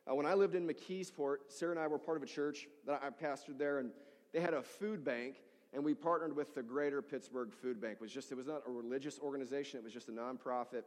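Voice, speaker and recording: A man's voice: mid-range voice, quick pace. A middle-aged man, a pastor, preaching a sermon and telling stories animatedly, acting out the people in them. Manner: animated storytelling, acting out voices of people in his story. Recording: reverberant hall.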